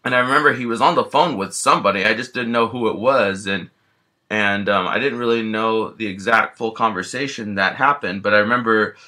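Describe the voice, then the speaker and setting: A man tells a meandering first-person story as a bear character, circling back with frequent restarts and "you know" fillers. His voice sits a little low but has a bright, tense edge. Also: brisk.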